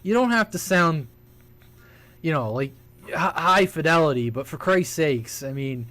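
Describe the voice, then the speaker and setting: A man's voice: on the high side, expressive, a little slow, pushed and bright. A man operating a CB radio station, chatting casually with bluntness and plenty of swearing. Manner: blunt, profane, storytelling. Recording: CB radio transmission.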